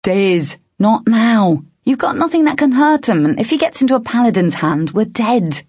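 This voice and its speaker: A woman's voice: fairly high pitch, lively intonation, moderate pace, a little mellow, husky, no room sound, highs cut off, voice pushed up. A woman reading an urgent, protective young man leader in a fantasy storybook.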